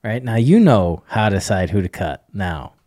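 In this rich podcast chat, a middle-aged man explains things in an animated, chatty way, acting out little bits of dialogue. His voice sits on the low side, and the sound is close and dry. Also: moderate pace, dry recording. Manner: animated, acts out dialogue, chuckles often. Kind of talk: casual podcast conversation.

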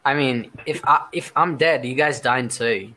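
A man's voice: mid-range voice, a little slow, crowd noise, low-quality recording. Young man, giggly, hesitant, casual online chat, computer mic. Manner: giggly, hesitant, laughs often. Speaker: podcast guest. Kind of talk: casual chat among friends. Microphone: computer microphone.

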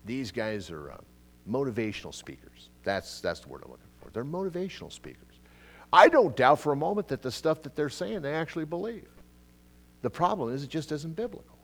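A middle-aged male pastor preaching a Bible teaching, swinging between loud, emphatic bursts and quiet asides. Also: a little high, lively intonation, fairly quick. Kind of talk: expository sermon.

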